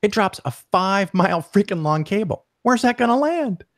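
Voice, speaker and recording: A man telling a story as a podcast guest, animated and profane, acting out the people he quotes. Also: sits high, moderate pace, no room sound, studio quality. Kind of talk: casual storytelling interview.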